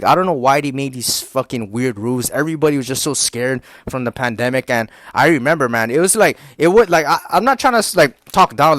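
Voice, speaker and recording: A man's voice: mid-range voice, fairly bright tone, no room sound. Young man, casual rant, swears constantly, rambling, dry recording. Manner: rambling, profane, filler-heavy, keeps addressing the audience. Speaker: YouTuber. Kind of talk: casual storytelling rant to camera.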